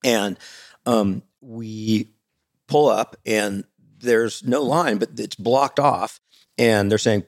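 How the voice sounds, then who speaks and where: Gravelly low-voiced man telling a story. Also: slow, no echo, studio quality. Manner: animated storyteller, acts out quoted voices. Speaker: podcast guest. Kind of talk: casual storytelling chat.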